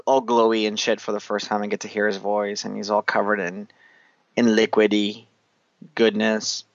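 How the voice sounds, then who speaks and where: Lowish man, animated and casual. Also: normal speed, dry recording, lo-fi sound. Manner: animated retelling, acts out characters' lines, casual swearing. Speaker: podcast host recapping an anime. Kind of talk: casual chat.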